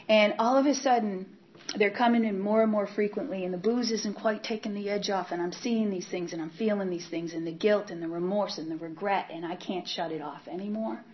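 In a dull-sounding recording, a woman with a mid-range voice shares an emotional testimony of her recovery. She acts out the inner voice she once had, sometimes sinking to a whisper.

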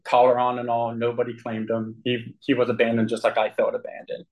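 A man sharing his personal recovery story with a group, earnest and candid, with frequent throat clearing. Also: mid-range voice, completely flat delivery, fairly quick, muffled recording.

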